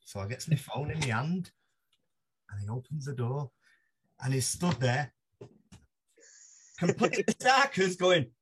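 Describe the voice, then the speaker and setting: A man, a podcast guest telling animated stories with casual swearing. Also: on the high side, unhurried, long pauses, slight background noise. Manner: lively, laughs through his stories, swears casually. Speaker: podcast guest, mentalist blogger. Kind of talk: animated anecdotal storytelling.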